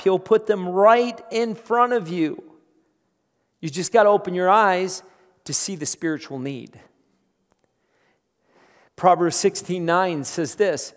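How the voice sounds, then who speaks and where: A man preaching a sermon. He repeats his phrases and builds from quiet talk to loud, emphatic preaching. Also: high-pitched. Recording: long hall reverb.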